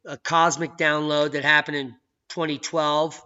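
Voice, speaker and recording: A man hosting his own video channel, talking in an excitable, jokey way that swings from loud outbursts to hushed asides. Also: fairly high pitch, unhurried. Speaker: channel host. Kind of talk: casual video commentary. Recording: dull lo-fi sound.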